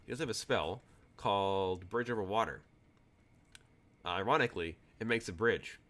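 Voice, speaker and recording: Chatty game master, low voice. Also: male voice, normal speed, a bit bright. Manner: loose and chatty, laughs often. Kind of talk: narrating a tabletop game.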